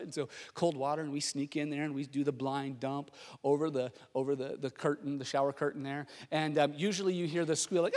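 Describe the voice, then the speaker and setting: High-voiced preacher in an echoing hall. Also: male voice, brisk. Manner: animated storytelling, swinging from hushed to loud. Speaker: pastor. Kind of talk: sermon.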